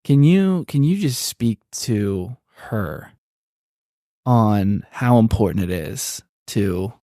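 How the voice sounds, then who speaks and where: A man co-hosting a faith-based podcast, speaking reflectively in a halting, casual way with many fillers. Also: on the low side, lively intonation, mellow, no echo, clean studio sound. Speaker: podcast co-host.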